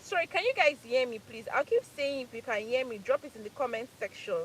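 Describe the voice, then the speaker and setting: A Nigerian woman in her thirties chats casually on a live stream. Her voice sits a little high and swings widely in pitch. She laughs often and repeats her points for emphasis. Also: expressive, brisk, slight background noise, low-quality recording. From Nigeria, Port Harcourt.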